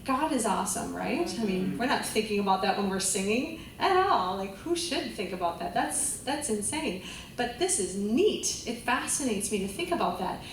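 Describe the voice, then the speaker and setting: A woman's voice: mid-range voice, lively intonation, moderate pace, a little hiss or hum. A woman vocal coach teaching a group class, chatty and enthusiastic, often laughing. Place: large room with a class. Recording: echoey room, voice from a distance.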